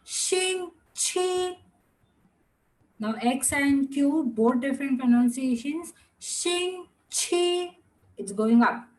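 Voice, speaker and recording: A young woman teaching an online class, repeating words slowly and patiently and slipping into another language now and then. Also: fairly high pitch, darkish tone, low-quality recording.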